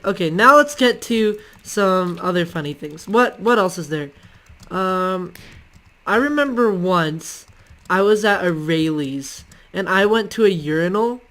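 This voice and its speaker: A man's voice: high voice, fairly bright tone. A male channel host telling casual stories to the camera in a rambling, hesitant way, full of ums and restarts.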